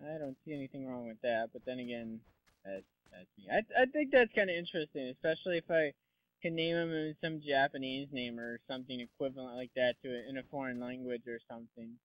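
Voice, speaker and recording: A man's voice: medium pitch, fairly quick. A young man giving casual, rambling gameplay commentary, full of sarcastic asides and swearing. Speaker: let's play commentator. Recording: dull lo-fi dry mic.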